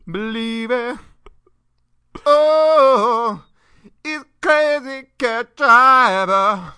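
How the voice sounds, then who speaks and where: A man's voice: extremely high pitch, very slow, bright, forceful tone, clean tone, no echo, studio quality. A man co-hosting a podcast, joking around playfully. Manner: playful, joking, swoops between silly voices. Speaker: podcast co-host. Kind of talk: casual chat.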